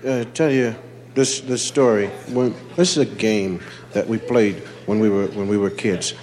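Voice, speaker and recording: A man's voice: on the low side, normal speed, echoey room. A man from Philadelphia telling a long childhood story on stage as a stand-up comedian, acting out the characters. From Philadelphia, USA. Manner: animated storyteller, acts out characters.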